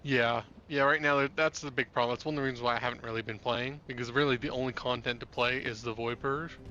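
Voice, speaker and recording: A man talking over an online voice chat while gaming, thinking aloud and pausing often to find words. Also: mid-range voice, steady tone, sharp tone, lo-fi sound. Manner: halting, thinks aloud about builds. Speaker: co-player. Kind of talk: casual gameplay chat.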